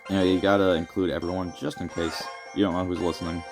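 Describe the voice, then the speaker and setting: A man's voice: sits low, flat delivery, quick pace. A young man, delivering a rambling, mock-serious comedic rant full of fillers. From Canada. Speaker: vlogger. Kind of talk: comedic rant addressed to the wind. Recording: music playing under the voice.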